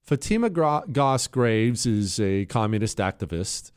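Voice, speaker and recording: A man's voice: fairly low pitch, animated, a little slow, smooth, dry recording, clean studio sound. A man hosting his own talk show, talking in a sarcastic, combative, mocking way. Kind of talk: opinionated radio talk.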